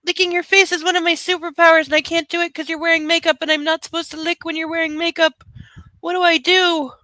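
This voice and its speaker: A woman's voice: very high voice, little pitch movement, fast talker, sharp tone, dry recording, pitched above the performer's own voice. A woman voicing an eager, affectionate male puppy who wants belly rubs, babbling in run-on baby talk. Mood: pleading.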